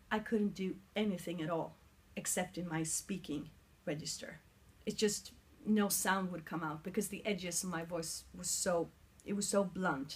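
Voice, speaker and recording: A woman with a Swedish accent in her forties, explaining her singing progress in a casual vlog recorded on a mobile phone, earnest and sometimes searching for words. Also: mid-range voice. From Sweden. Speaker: singer vlogging her vocal training.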